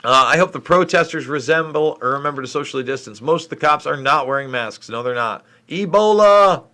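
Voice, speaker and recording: A man's voice: mid-range voice, quick pace, bright, forceful tone. A middle-aged man from New York State hosting a live question-and-answer stream, talking in a frustrated, rambling way as he answers viewers' comments. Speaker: livestream host. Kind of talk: live Q&A stream reading chat.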